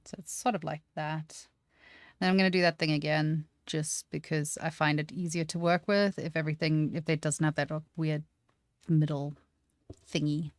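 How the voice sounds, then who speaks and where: A woman's voice: low-pitched, little pitch movement, normal speed, no echo. A woman teaching 3D sculpting on a live stream, chatting casually and poking fun at herself as she works things out aloud. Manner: thinks aloud, self-deprecating, chatty.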